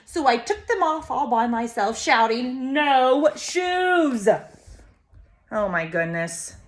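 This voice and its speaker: Woman, preschool teacher, picture-book read-aloud, slow, slightly high voice, points out pictures. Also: very animated. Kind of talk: storybook read-aloud for young children.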